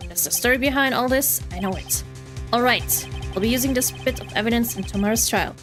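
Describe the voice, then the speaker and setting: A woman's voice: fairly high pitch, fairly quick, over music, lightly acted. A woman reading the lines of an earnest young male defense attorney, musing suspiciously to himself. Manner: earnest, suspicious inner monologue. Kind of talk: reading game dialogue aloud.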